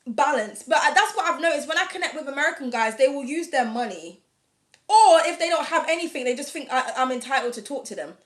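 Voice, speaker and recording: A woman's voice: high-pitched, lively intonation, fast, reverberant. A woman hosting an astrology reading channel, chatting casually and bluntly to camera, swearing freely. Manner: frank and blunt, swears freely, laughs often. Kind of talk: casual candid chat to camera.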